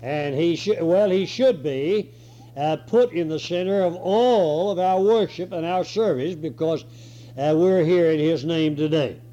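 A man preaching a sermon and reading scripture, hoarse with a cold and clearing his throat now and then. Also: fairly high pitch, measured pace, mellow. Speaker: pastor. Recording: dull lo-fi recording.

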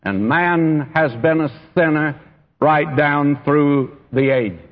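The speaker is a pastor preaching in church, with a voice on the high side and a slow pace. His tone is earnest, and he addresses listeners directly as friend and beloved. The recording, made in a church hall, is dull and full of echo.

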